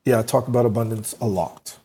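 A man's voice: lowish voice, fairly even intonation, quick pace, dark tone, husky. Earnest man telling a personal story. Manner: earnest storytelling, acts out quoted dialogue. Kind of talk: casual podcast conversation.

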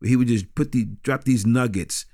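A pastor, a man, talks through his memories in a relaxed interview. His speech halts and circles back on itself, with frequent laughter. The sound is dry and close, with no room echo. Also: medium pitch. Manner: halting, repeats words, laughs often. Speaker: pastor and guest. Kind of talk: casual conversational interview.

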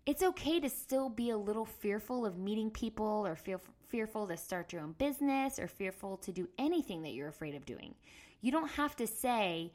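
A woman's voice: medium pitch, expressive, normal speed. Earnest woman podcasting about fear. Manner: earnest, storytelling, acts out her past self loudly. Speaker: podcast host. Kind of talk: casual monologue.

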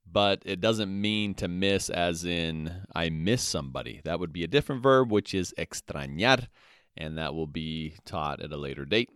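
A man's voice: deep voice, animated, a bit bright, smooth, no echo, clean studio sound. A man hosting a podcast Spanish lesson, saying each phrase twice with its translation and checking in with "okay?". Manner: slow, repetitive, spells out phrases twice with translations; checks in with "okay?" and "all right". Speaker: Spanish teacher, podcast host.

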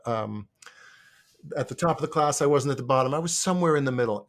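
A man in his late fifties hosting an interview podcast and telling lively anecdotes. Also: mid-range voice. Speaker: podcast host. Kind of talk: casual interview.

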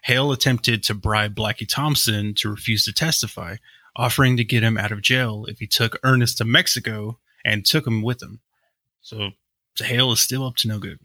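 Bright-voiced man narrating a true-crime story. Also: lowish voice, fairly even intonation, moderate pace, no room sound. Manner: reads steadily, then breaks into wry jokes. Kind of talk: reading a story aloud with casual asides.

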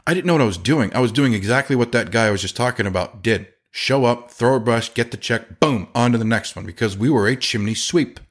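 A man who runs a chimney sweep company, talking casually on a podcast and acting out the people in his stories. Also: lowish voice. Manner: animated storyteller, acts out quotes.

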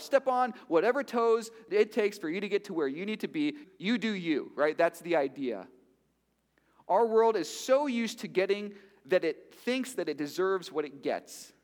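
Man preaching, pastor, high and animated voice, rhetorical questions, long hall echo. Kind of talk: sermon.

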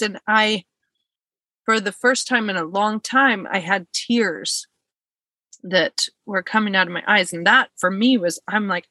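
A woman's voice: mid-range voice, measured pace, bright, forceful tone, no room sound. A woman telling a personal story in casual chat, earnest and heartfelt, acting out what people said. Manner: earnest, heartfelt, acts out quotes.

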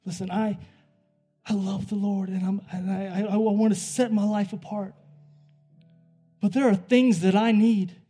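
With faint music behind him, a man preaches a sermon, narrating a story conversationally and moving between hushed passages and loud, excited ones. His voice is high-pitched, slightly rough, and unhurried.

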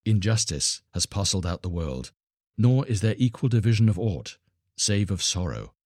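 Old-world woodcutter, solemn and resigned, deep husky voice; male reader. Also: big pitch swings, moderate pace, darkish tone, no echo, studio quality, heavily acted.

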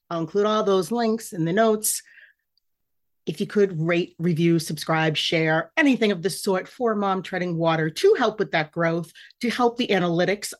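A woman hosting her own podcast, talking candidly and emotionally about her feelings. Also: on the low side. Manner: candid, emotional, self-reflective. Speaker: podcast host. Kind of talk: personal podcast monologue.

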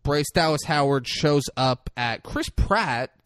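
A man casually recapping a movie plot, swearing freely and rattling through the scenes with quick quoted asides. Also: a little high, dry recording, clean studio sound. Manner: profane, animated retelling with quick quoted asides.

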